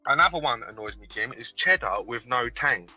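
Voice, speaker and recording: A man calling into a live show over a video call, chatting in a deadpan, sweary, self-mocking way. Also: mid-range voice, brisk, soft background music, rough recording. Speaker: caller. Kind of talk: casual call-in chat.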